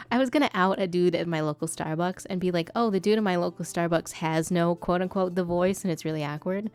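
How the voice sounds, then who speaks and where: Chatty woman streamer with a low voice. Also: steady tone, a little mellow, smooth, no room sound. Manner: chatty, swearing, quick shifts into a polite customer-service voice. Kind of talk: casual chat while drawing on stream.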